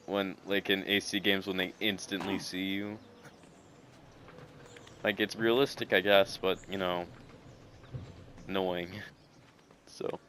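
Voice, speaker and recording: A man's voice: low voice, level tone, slow pace, pauses often, a bit bright, slight background noise. A young man giving rambling, enthusiastic let's-play commentary while gaming. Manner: rambling, filler-heavy, enthusiastic. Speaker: gaming video creator.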